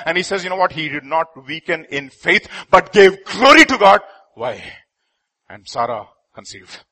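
A man preaches with a high, bright and husky voice that leaps and falls across a wide range. He swings from hushed asides to loud pleading cries. He slows right down to press home key lines. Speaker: pastor. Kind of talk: sermon.

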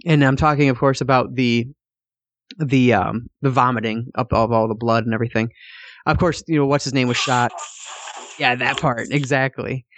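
A man co-hosting a film podcast, talking casually and excitedly, laughing and swearing as he reviews a movie. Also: mid-range voice, normal speed, no echo. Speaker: podcast co-host.

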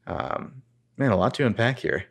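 A man's voice: mid-range voice, normal speed, creaky. A man hosting a podcast, recapping a TV episode in a casual, rambling way with crude humor. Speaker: podcast host.

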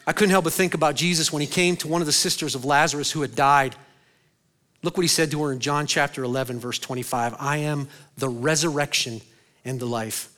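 A man preaching a sermon as pastor, swinging between loud, high bursts and quiet, low stretches, and asking the congregation questions he answers himself.

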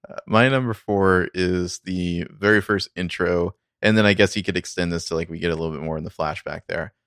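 A man co-hosting a casual film discussion podcast, rambling in a relaxed way with many fillers. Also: deep voice, fairly quick, clear, resonant tone, dry recording, clean studio sound. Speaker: podcast co-host.

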